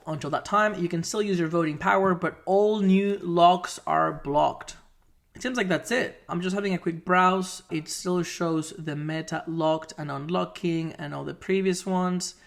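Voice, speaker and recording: A tutorial presenter giving a casual walkthrough of a website. They talk in a chatty way, throw in jokey asides and some swearing, and switch between quick bursts and slow, stressed words. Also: mid-range voice.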